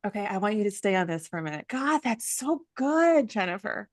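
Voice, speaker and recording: A woman in her forties hosting an interview, emotional and gushing, quick to cut in with her own stories. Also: medium pitch, very animated, no room sound, clean studio sound. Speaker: summit host. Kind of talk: casual interview chat.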